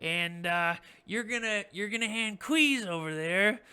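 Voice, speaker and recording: Goblin boss, sly and giggly, a touch high, voiced by a man. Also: measured pace, bright, forceful tone, smooth, heavily acted. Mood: scheming. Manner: giggly, smug, wheedling. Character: sly chuckling goblin boss, male adult.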